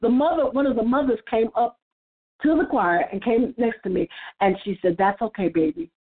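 Woman panelist, earnest church testimony, higher voice, tinny phone line. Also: expressive, moderate pace, husky. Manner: earnest, repeats words when starting a thought. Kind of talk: casual church discussion and personal testimony.

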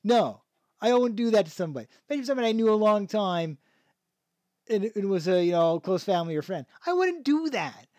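A man's voice: high-pitched, very animated, brisk, a little mellow, no echo, studio quality. A man hosting a podcast, talking through a show review in a rambling way, with many restarts and frequent chuckles. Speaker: podcast host. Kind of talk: casual review chat.

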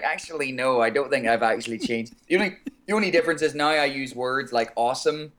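An Irish man from Ireland, calling in as a guest singer and chatting in an easygoing way, chuckling and pausing on fillers. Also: mid-range voice, a bit bright, a little hiss or hum. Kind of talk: casual call-in chat.

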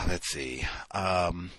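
A man's voice: sits low, sing-song, extremely slow, pushed and bright, slightly rough, no echo. A man hosting a call-in show, giving emphatic, sarcastic commentary. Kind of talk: talk radio commentary.

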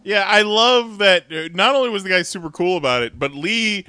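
A man's voice: high-pitched, lively intonation, normal speed, sharp tone, clear, resonant tone, no room sound. A man hosting a podcast, teasing his co-host in an amused casual chat.

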